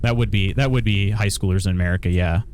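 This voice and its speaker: A man's voice: low voice, fast, darkish tone. Chatty man streaming a game. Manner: chatty, reads chat aloud, frequent chuckles. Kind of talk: casual live-stream chat while gaming.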